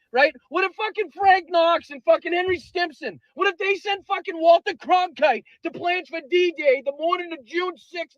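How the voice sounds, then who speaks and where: Very high-pitched guy yelling and swearing nonstop, dull lo-fi clip, dry. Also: dry recording. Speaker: tradesman posting a video rant. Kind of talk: angry profane rant.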